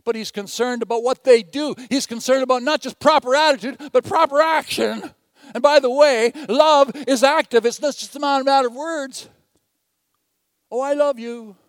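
A man preaching with a fairly high voice, earnest and dynamic. He rises to loud, stressed phrases and drops to near-hushed asides, restarting phrases as he teaches. The sound is dry and close, with no room echo. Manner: earnest, swings from loud emphasis to quiet asides. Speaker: pastor. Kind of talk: sermon.

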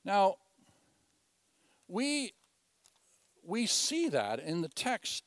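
A man preaching a sermon, earnestly swinging between loud emphatic lines and quiet, hushed asides, often repeating phrases as he teaches. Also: sits high, dry recording, clean studio sound. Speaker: pastor.

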